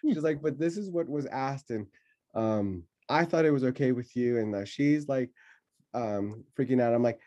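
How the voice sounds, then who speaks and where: A man telling a childhood story in casual conversation, laughing often and pausing with many fillers. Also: medium pitch, warm tone, muffled recording.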